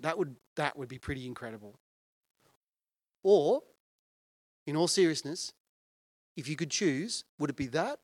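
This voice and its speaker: A male pastor preaching in an earnest, conversational manner. His voice sits a little high and is well lifted, and he often asks questions of the congregation. The sound is dry and close, with no room echo. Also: darkish tone. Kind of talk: sermon.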